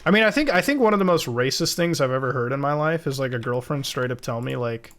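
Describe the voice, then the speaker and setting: A man's voice: mid-range voice, lively intonation, quick pace, hardly any pauses, a bit bright. A young man streaming from home while editing video, chatting casually and rambling with lots of swearing and laughing asides.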